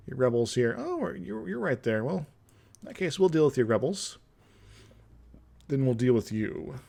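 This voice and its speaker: A young man with a gravelly, creaky voice talks his way through a strategy game. He mutters plans, chuckles at his own jokes and hums idly between moves. His pitch sits in an ordinary middle range. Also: darkish tone. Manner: musing aloud, chuckling, humming to himself. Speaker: streamer playing a strategy game. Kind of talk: casual gameplay commentary.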